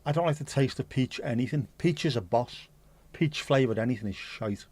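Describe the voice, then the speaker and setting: A man with a medium-pitched, slightly mellow voice and a breathy edge talks briskly while hosting a casual livestream at home. Chatty and loose, he reads viewers' messages out, answers them and swears casually here and there.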